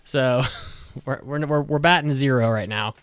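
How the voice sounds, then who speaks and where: A man's voice: mid-range voice, smooth. A man co-hosting a podcast, chatting casually, blunt and swearing often. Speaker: podcast co-host. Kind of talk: casual chat.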